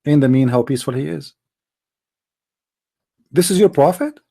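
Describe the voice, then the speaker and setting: A man's voice: a little high, animated, moderate pace, vocal fry, dark tone. A man hosting a live debate stream, arguing emphatically with rhetorical questions and non-native grammar. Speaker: live debate show host.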